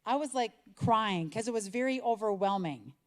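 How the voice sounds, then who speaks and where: A middle-aged woman giving a chatty talk to an audience, animated and acting out little exchanges. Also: medium pitch, moderate pace. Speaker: speaker. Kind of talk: conference talk.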